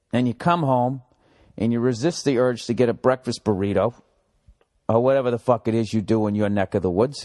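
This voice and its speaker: A man's voice: mid-range voice, darkish tone. A man hosting his own podcast, ranting alone in a loose, sarcastic way with plenty of swearing. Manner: profane, rambling, sarcastic rants. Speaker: podcast host. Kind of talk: casual solo podcast monologue.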